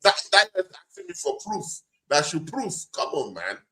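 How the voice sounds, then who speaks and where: A man's voice: a little high, wildly swooping pitch, normal speed, crowd noise. A man hosting a football live stream who teases his co-host, keeps interrupting him, and talks to his viewers. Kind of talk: heated football debate and live stream chat.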